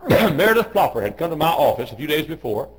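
A man preaching a sermon, telling a story in a folksy way, clearing his throat and restarting often. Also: on the high side, very animated, fairly quick, rough recording. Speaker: pastor.

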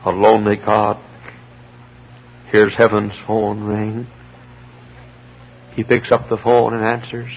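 Man preaching, gravelly husky voice, shouts then hushes, dull old tape. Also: on the low side, completely flat delivery. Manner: swings from shouting peaks to hushed, slow pleas. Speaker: pastor. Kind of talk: fiery revival sermon. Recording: dull lo-fi archival sermon tape.

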